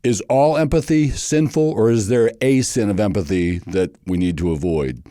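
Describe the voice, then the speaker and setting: A podcast host with a very deep, mellow voice asks calm questions and affirms his guest's points. His voice sounds dry and close to the mic. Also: moderate pace, dry recording. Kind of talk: conversational interview.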